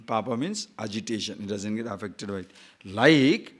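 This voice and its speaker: Animated man giving a spiritual talk. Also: on the low side, normal speed, breathy edge. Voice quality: Sanskrit verses recited. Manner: animated storytelling, laughs at own jokes, rising emphatic questions. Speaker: spiritual teacher. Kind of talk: spiritual discourse with jokes.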